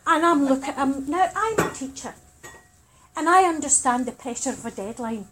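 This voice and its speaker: A woman doing stand-up, telling a story deadpan, with sudden bursts of high exasperation. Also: unhurried, a loud crowd, very noisy. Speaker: stand-up comedian.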